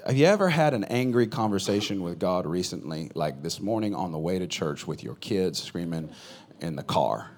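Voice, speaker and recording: A man who is a pastor, preaching a sermon in a conversational way, swinging between loud bursts and quiet asides. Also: low voice, lively intonation, moderate pace.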